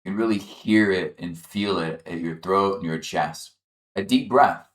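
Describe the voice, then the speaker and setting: A man leading a chair yoga class, calmly guiding the listener through breathing and gentle movement. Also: sits low, a little slow, reverberant. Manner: calm, encouraging, guiding the breath step by step. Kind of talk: guided exercise instruction.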